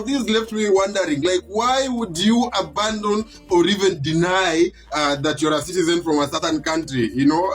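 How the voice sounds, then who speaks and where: Hesitant man giving casual commentary. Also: fairly high pitch. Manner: measured, hesitant, with frequent pauses to search for words.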